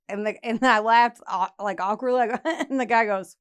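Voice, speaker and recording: A woman's voice: a little high, fairly quick, few pauses, clean tone. Woman, late thirties, podcast co-host, chatty and self-deprecating. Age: 30s. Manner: chatty, self-mocking storyteller. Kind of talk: casual podcast chat.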